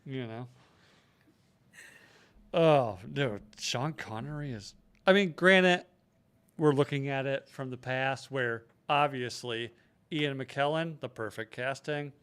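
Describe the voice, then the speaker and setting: Smooth-voiced man joking on a podcast. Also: medium pitch, slow, pauses often, a bit bright. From United States. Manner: jokey, swearing, drops into put-on voices. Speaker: podcast co-host. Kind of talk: casual comedic chat.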